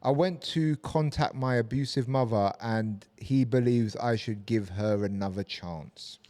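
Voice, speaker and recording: A man's voice: mid-range voice, a little slow, darkish tone. A man co-hosting a comedy podcast in casual chat, blunt and heavy on swearing, telling stories with lots of animation. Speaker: podcast co-host. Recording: long hall reverb.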